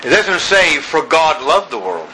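A man preaching an evening sermon, slow and emphatic, building through repeated phrases. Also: a little high, big pitch swings, pushed and bright, slight background noise, rough recording.

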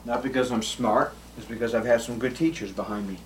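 A man preaching a sermon, acting out Bible scenes with sudden jumps in pitch and volume. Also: steady tone, fairly quick, a little hiss or hum. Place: church.

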